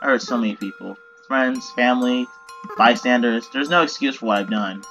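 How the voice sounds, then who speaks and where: A man's voice: normal speed, fairly bright tone, faint music behind, close to an everyday voice. A man voicing a tearful, desperate young goat-boy monster, reading game dialogue aloud in a pleading, emotional way. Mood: remorseful. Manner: pleading, high-strung and emotional.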